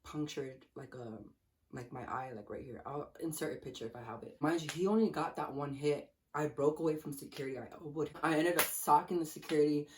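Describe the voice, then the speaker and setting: A woman's voice: low voice, fairly quick, slight background noise. A young woman vlogger telling a story casually while eating, swearing a lot and acting out what people said. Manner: profane, animated, acts out quotes.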